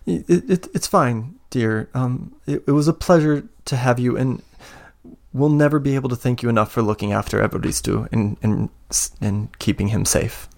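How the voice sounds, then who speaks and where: A man voicing a kind, motherly woman who speaks softly and haltingly. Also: mid-range voice, vocal fry, lightly acted. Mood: tender.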